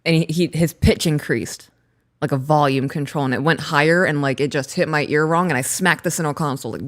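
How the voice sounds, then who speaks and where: A woman in her thirties, co-hosting a casual chat and telling a story in an animated way, laughing as she talks. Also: deep voice, a little fast. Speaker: podcast co-host.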